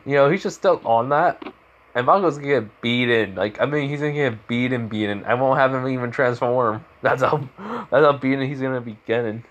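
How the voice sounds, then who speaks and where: Male storyteller, mid pitch, loose rambling improvised delivery. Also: a little fast, lo-fi sound. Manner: rambling, full of fillers and restarts. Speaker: fan-fiction storyteller.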